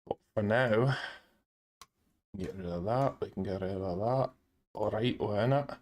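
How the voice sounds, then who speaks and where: A man's voice: on the low side, unhurried, a little mellow. A man hosting a casual live stream, laughing often and swearing lightly while he sets things up and talks to his chat.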